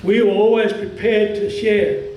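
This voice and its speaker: Australian guy making a passionate speech, strong and halting, echoey and kinda far from the mic. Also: high voice, little pitch movement. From Cairns region, Australia. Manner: strong, forceful delivery, halting phrases. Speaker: community speaker at a commemoration. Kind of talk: impassioned public speech.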